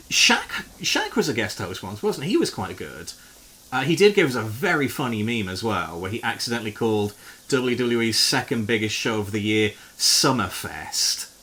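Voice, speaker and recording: Lively, bright-voiced male streamer. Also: lowish voice, normal speed, breathy edge. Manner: animated, joking, swears freely. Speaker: variety streamer. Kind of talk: casual live-stream chat to viewers.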